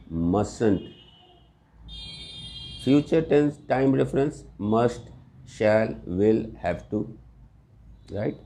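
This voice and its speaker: Low, mellow-voiced grammar teacher man. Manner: explains patiently with examples, often asks "right?". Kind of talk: recorded grammar lesson.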